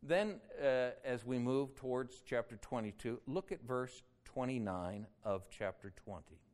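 Explaining scripture one verse at a time, this preacher raises his voice for quoted cries and drops it, slowing down, for the solemn moments of his expository sermon.

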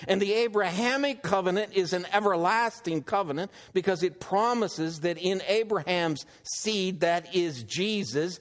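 A man preaching a sermon and reading scripture, unhurried, asking his listeners rhetorical questions. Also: high voice. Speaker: pastor.

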